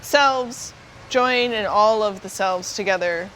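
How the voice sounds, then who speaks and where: A woman narrating as game master of a tabletop game, describing the scene in measured sentences. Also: mid-range voice, fairly bright tone, poor audio. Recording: faint background noise.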